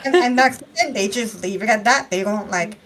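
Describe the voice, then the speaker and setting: A young adult woman co-hosts a relaxed book review in a mid-range voice. She talks chattily, hesitating with fillers. A faint hiss of noise sits behind her. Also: medium pitch, fairly quick. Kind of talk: casual book chat.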